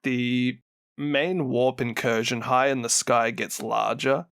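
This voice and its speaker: A man's voice: mid-range voice, steady tone, slow pace, vocal fry, fairly bright tone, smooth, no echo, studio quality. A man with a New Zealand accent, co-hosting a podcast and animatedly retelling lore, laughing often and acting out what characters say. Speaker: podcast co-host.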